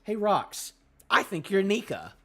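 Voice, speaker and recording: A man's voice: high-pitched, wildly swooping pitch, measured pace, creaky, voice pushed up, heavily acted. A man voicing an eager, curious young boy, the son of a giant king.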